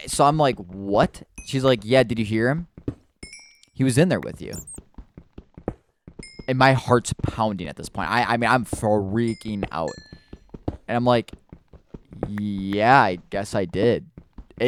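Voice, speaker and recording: A man's voice: mid-range voice, a little hiss or hum. A man telling a spooky personal story in a casual, rambling way while he plays a video game, stumbling over restarts and fillers.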